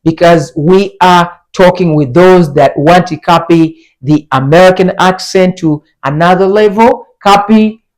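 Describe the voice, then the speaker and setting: A young man teaching an online language lesson, repeating each word slowly for learners to copy. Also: sits high.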